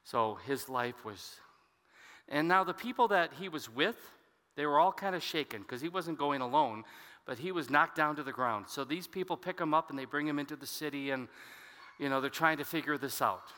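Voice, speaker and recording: A male pastor delivering an expository sermon, reading scripture and turning to the congregation with casual asides. His voice is bright and forceful, sitting a little high for a man. The sound carries a long reverb from a large hall. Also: moderate pace.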